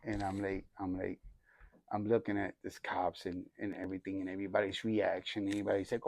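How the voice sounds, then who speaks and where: A man's voice: lowish voice, fairly even intonation, moderate pace. A man sharing his personal testimony in casual street slang, acting out the dialogue as he tells it, with frequent restarts and "you know what I mean.". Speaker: church group member giving his testimony.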